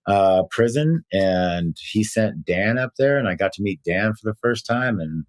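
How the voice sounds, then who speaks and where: A man telling his story in a casual interview, earnest and animated, with many fillers and moments of emotion. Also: lowish voice, unhurried. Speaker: guest.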